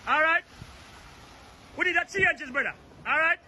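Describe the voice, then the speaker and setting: High-pitched agitated Jamaican man outdoors. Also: unhurried, bright, forceful tone, slight background noise. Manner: agitated, repetitive, pointing things out. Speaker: resident filming a local problem. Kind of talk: angry street complaint video. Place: outdoors by a flooded road.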